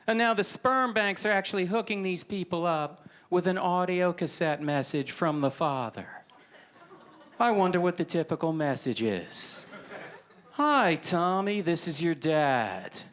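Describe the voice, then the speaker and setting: A man's voice: sits high, moderate pace, fairly bright tone. A man doing observational stand-up on stage with a dry, mocking delivery. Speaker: stand-up comedian. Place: live comedy stage. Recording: noisy live venue.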